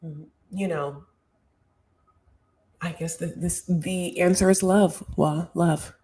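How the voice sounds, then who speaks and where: A woman's voice: on the low side, fairly even intonation, slow, warm tone. A woman co-hosting a podcast over a video call, rambling with lots of fillers and mocking herself in casual chat. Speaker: podcast co-host.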